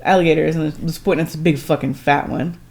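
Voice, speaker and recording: A woman's voice: sits low, fairly even intonation, fast, a little mellow. Chatty laughing woman podcaster. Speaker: podcast co-host. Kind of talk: casual storytelling chat.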